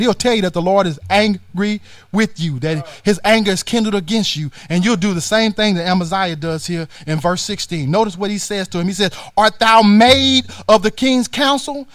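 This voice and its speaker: A man's voice: high voice, no echo. A man preaching a sermon as youth pastor in a church, with a fervent, repetitive cadence and folksy everyday phrasing. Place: church sanctuary.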